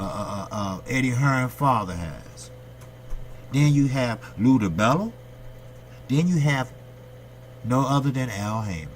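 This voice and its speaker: Guy ranting about boxing to his viewers, blunt n cussing, regular mid voice, bit of hum behind. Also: mid-range voice. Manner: blunt, profane, ranting delivery; talks straight to his viewers, with rhetorical questions. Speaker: boxing channel host. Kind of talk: opinionated boxing commentary monologue.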